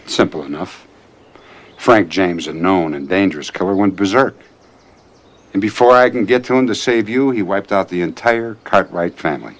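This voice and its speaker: An actor playing a cool, deep-voiced villainous lawman. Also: natural voice. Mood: cold menace. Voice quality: deep, measured. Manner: calm, polite menace, slow deliberate phrasing. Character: cold, soft-spoken, vengeful older male lawman villain. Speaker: villain, a lawman holding a captive. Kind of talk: 1990s TV western acting.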